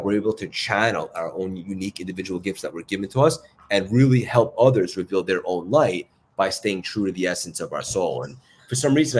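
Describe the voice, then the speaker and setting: Deep-voiced man with a new york accent hosting a live podcast, hyped effusive intros, faint background hum. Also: a little mellow. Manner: hype-filled, effusive introductions. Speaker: podcast host.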